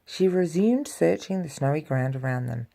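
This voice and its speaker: A woman reads a children's storybook aloud to a child. Her voice is low, mellow and a little gravelly. She reads with lively swings in pitch and acts out the sound effects. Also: normal speed. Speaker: parent reading aloud.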